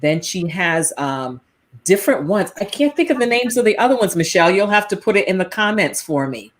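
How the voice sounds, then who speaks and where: A woman hosting a casual live chat, rambling a little and pausing with frequent ums as she searches for names. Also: mid-range voice, sing-song. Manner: rambling, hesitant with many ums. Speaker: host.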